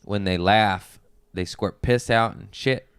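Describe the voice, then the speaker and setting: A man telling crude family stories in a casual podcast chat, loud and animated, with squealing voices for his relatives. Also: fairly low pitch, slow, clear, resonant tone, no room sound, studio quality. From Mexican-American family. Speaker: podcast guest.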